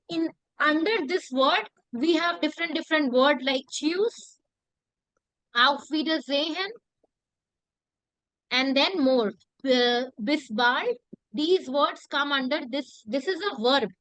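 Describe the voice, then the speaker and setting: Woman language teacher, high voice, repeats key words, dry sound. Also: a bit bright, no room sound, rough recording. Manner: repeats phrases slowly, asks rhetorical questions. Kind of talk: classroom lesson.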